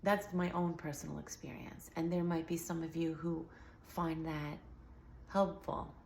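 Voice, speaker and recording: Gravelly-voiced woman vlogger, slightly sore. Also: deep voice, level tone, a little slow, a little mellow, echoey room, a little hiss or hum. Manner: earnest, rambling, many fillers. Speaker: healing vlogger. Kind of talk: casual talk to camera.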